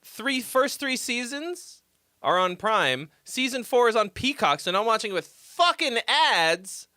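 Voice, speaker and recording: A man with a bright, forceful voice chats on a livestream, swinging his pitch all over as he rambles and jokes with plenty of swearing. The sound is dry and close. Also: sing-song, a little slow, no echo. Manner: rambling, profane, joking. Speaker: host giving song feedback. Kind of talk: casual livestream chat.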